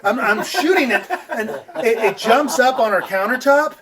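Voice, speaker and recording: A man hosting a podcast, telling a profane, animated story and laughing as he goes. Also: very high voice, normal speed, far from the mic, a crowd in the background. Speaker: podcast host. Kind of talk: casual storytelling. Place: outdoor front porch.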